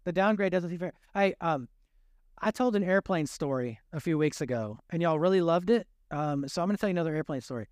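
A man with a high, smooth, resonant voice preaches a sermon, recorded close and dry. He tells stories with self-deprecating humor and acts out little conversations, speeding up and slowing down as he goes. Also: no echo. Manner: animated, shifting pace. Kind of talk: storytelling sermon.

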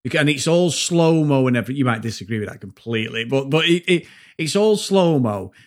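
A man co-hosting a podcast, chatting casually about a film in a rambling, sweary, animated way. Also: medium pitch, quick pace. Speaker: podcast co-host. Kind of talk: casual film review chat.

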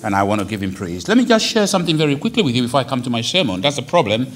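A man preaching a sermon as a pastor, lively and digressive, with dramatic quoted lines. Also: medium pitch, very fast. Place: church hall.

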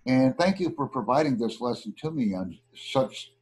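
A man's voice: mid-range voice, expressive, normal speed, darkish tone, slight background noise. A man taking an online lesson over a video call, speaking politely and formally and thanking his tutor often. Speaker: student and channel host.

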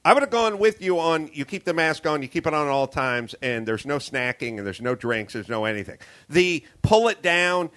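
A man's voice: a little high, lively intonation, moderate pace, few pauses, fairly bright tone. A man hosting a casual podcast, ranting and swearing as he tells a story and acts out the dialogue in it. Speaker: podcast host. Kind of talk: casual chat. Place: hotel room.

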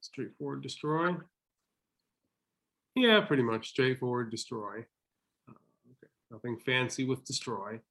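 A man's voice: medium pitch, measured pace, long pauses, fairly bright tone. A man co-hosting a casual Bible study chat, playfully thinking aloud as he works through Greek words. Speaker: podcast co-host.

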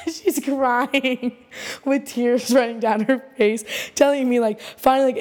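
A woman with a fairly high voice tells a wild story in casual podcast chat, laughing as she goes. She sounds lively and loose, and her voice rings out with a long reverb around it. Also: measured pace. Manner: animated storyteller, laughing often. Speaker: podcast co-host.

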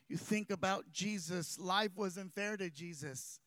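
A man's voice: high-pitched, measured pace, fairly bright tone, no echo. A man preaching a fervent sermon outdoors in a park, with many "uh" fillers between phrases.

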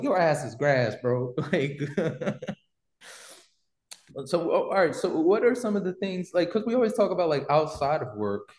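A man's voice: on the high side, big pitch swings, a little slow, a little mellow, echoey room. A man hosting a podcast and telling a story in a casual, slangy, rambling way, full of fillers. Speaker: podcast host.

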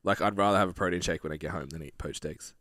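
A man co-hosting a podcast in casual chat, wry and quick to laugh, with casual swearing. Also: deep voice, fairly bright tone, dry recording, clean studio sound. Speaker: podcast co-host.

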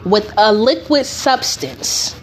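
A woman's voice: mid-range voice, sing-song, slow, slight background noise. A woman podcast host telling a personal story in a blunt, heavily profane, emphatic way.

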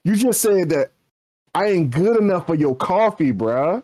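A man's voice: high-pitched, lively intonation, unhurried, darkish tone. A man, co-hosting a casual podcast and ranting with slang, his voice leaping up for emphasis. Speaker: podcast co-host.

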